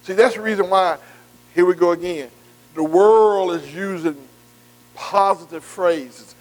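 Casting: male bible study teacher, high voice, folksy preaching with constant "see" and call-outs to listeners. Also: measured pace, a little mellow, rough recording. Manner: repetitive "see" and "am I right", engaging the room; folksy, informal grammar. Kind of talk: conversational preaching.

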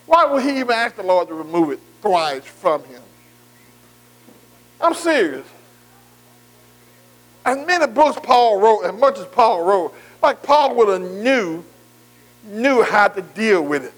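A man's voice: high voice, very animated, unhurried, long pauses, poor audio. A man leading a bible study in a conversational preaching style, folksy and informal, who keeps checking in with listeners. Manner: repetitive "see" and "am I right", engaging the room.

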